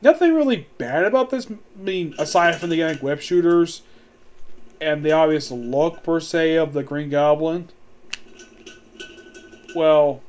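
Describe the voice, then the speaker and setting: A man with a notably high-pitched voice talks his way through a movie review in a loose, casual way. He rambles, restarts his sentences and fills them with "like", and sounds amused by what he describes. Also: lively intonation, measured pace, pauses often, darkish tone, slight background noise.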